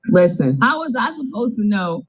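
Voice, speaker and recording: A woman's voice: medium pitch, big pitch swings, moderate pace, husky. A woman co-hosting a comedy podcast, making exaggerated, indignant complaints in casual banter.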